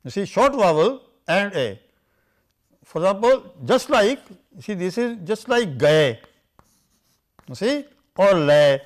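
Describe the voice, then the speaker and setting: An older man gives an academic lecture in a slightly high voice. He talks haltingly, restarting phrases and leaning on "you see" as he explains vowel patterns. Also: very animated. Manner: halting, many fillers, keeps saying "you see". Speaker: lecturer on scripture language.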